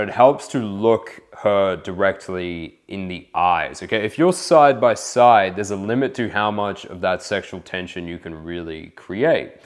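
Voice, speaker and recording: Laid-back young man coaching in voice-over. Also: on the low side. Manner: relaxed, casual, lots of "like" and "kind of". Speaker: dating coach. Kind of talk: voice-over commentary on infield footage.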